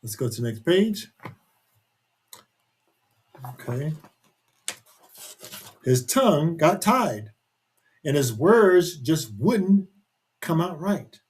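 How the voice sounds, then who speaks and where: A man with a husky, slightly raised voice reads a picture book aloud to young children. He keeps it chatty, pausing to talk about the pictures and ask his listeners questions. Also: a little high, very animated, a little mellow.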